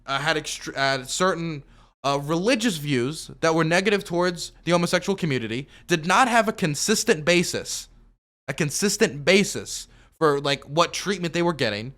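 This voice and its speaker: Brief: male streamer with a bright, slightly high voice, rebutting a video in a loose, argumentative way. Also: expressive, normal speed. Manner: argumentative, rebutting with repeated objections; loose, full of fillers and restarts. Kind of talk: commentary.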